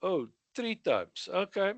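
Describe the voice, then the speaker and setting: Slow-speaking South African male instructor. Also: high voice, very animated, no echo. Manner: reads questions then gives answers with asides. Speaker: radio exam instructor. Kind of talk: exam revision lesson.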